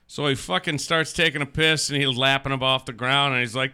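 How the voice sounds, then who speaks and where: A man's voice: mid-range voice, fairly even intonation, fast talker, hardly any pauses, sharp tone, clear, resonant tone. A man in casual, crude podcast banter who tells dirty jokes and acts out the voices in them. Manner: crude, joke-telling, acts out voices in his story.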